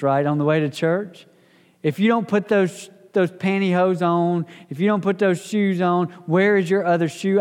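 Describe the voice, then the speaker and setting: A man's voice: high-pitched, a little mellow. Folksy man teaching in a church hall. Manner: folksy, conversational, acts out quoted people. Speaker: pastor leading a Bible study. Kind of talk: church Bible study teaching. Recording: roomy hall reverb.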